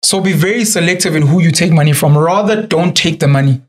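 High-voiced South African man, animated. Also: fast talker. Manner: animated storyteller who acts out quoted voices. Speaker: guest, author and entrepreneur. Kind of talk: casual podcast conversation.

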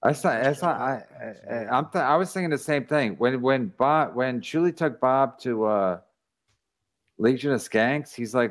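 A man's voice: mid-range voice, normal speed. A man hosting a podcast in casual chat, swearing freely and stumbling over restarts. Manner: profane, stammering restarts. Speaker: podcast host.

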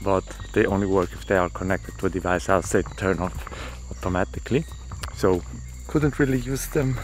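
Guy with a lowish voice doing a chatty travel vlog, jokes about himself, bugs and crickets buzzing loud behind him. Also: moderate pace. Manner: chatty, candid and self-mocking. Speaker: travel vlogger. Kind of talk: casual vlog talk to camera. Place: outdoors in a rainforest. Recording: outdoor clip with loud insect noise. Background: insects and crickets of the forest.

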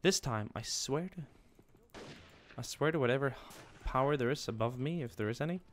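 A young man giving live commentary on a strategy war game, yelling and swearing at his troops one moment and muttering quietly the next. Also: medium pitch, normal speed, slight background noise. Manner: excitable, swears and yells at his units, drops to quiet mutters. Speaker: gameplay commentator.

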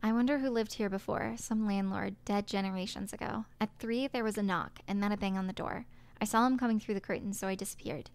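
A woman's voice: medium pitch, fairly even intonation, fast talker, vocal fry, smooth. A woman streamer reading a visual novel aloud and reacting to it with chatty, sympathetic comments. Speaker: gaming streamer.

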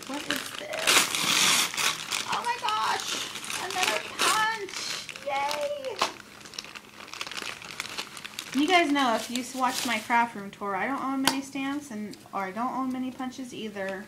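Gushing high-voiced woman unboxing gifts. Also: moderate pace, few pauses. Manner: gushing and excitable, gasps and repeated exclamations. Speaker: crafting vlogger. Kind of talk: casual unboxing haul video. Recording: steady background noise.

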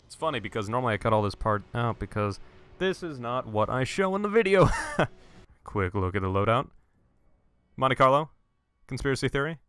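An excitable young man narrating his own gameplay, his voice bright and bouncing all over the place. He jokes, talks to his teammates and swears at his deaths, speaking close into a headset mic. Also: mid-range voice, a little fast, long pauses, clear, resonant tone, dry recording. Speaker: gaming channel host. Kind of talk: let's-play gameplay commentary.

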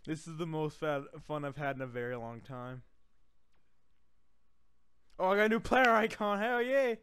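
A man hosting casual gameplay commentary, panicking and shouting during fights, mumbling when calm. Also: on the high side, normal speed, clean tone. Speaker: gaming channel host.

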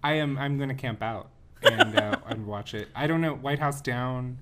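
A man co-hosting a casual podcast chat, playful with quick joking asides. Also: mid-range voice, pushed and bright. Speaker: podcast co-host.

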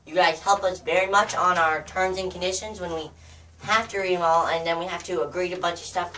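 An American woman vlogs outdoors in the cold, greeting her viewers in a rambling, casual way, cracking jokes and wandering off topic. Her lowish voice is brisk and fairly bright with fairly even intonation. A distant mic picks up faint outdoor ambience and slight background noise.

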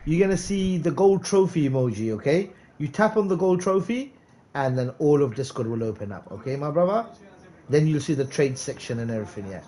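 A man's voice: fairly high pitch, brisk, a little hiss or hum. A man streaming a game live, chatting casually and calling out viewers by name. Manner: excitable, calls out viewers by name. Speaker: gaming streamer.

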